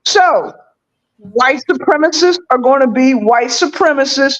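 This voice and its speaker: A woman's voice: sits high, expressive, measured pace, dull audio. A woman calling in to a live stream, arguing emphatically and throwing out rhetorical questions. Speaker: caller. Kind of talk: call-in commentary.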